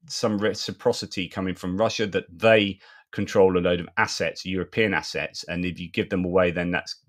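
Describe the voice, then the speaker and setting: A middle-aged man hosting a live-stream news commentary in a chatty, rambling way, with many pauses and restarts. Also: low voice.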